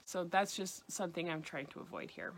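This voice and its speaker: An American woman from New York, with a fairly low voice and a New York accent, teaches French in a scripted lesson for a video channel. Her delivery is slow, clear and deliberate, with careful over-enunciation of example words and a friendly lesson feel.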